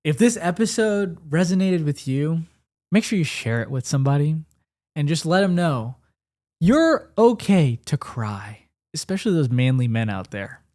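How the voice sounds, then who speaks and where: Relaxed man co-hosting a podcast. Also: fairly high pitch, normal speed. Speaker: podcast co-host. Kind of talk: casual couple podcast chat.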